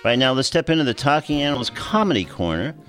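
A man's voice: medium pitch, very animated, quick pace, a bit bright, faint music behind. A man hosting a radio talk show, easygoing, reading links and interviewing guests with frequent fillers.

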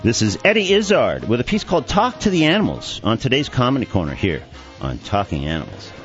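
A man's voice: medium pitch, a little fast, soft background music. Guy hosting a radio show, lots of uhs, voice jumps around a lot, kinda muffled. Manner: lively, with frequent fillers.

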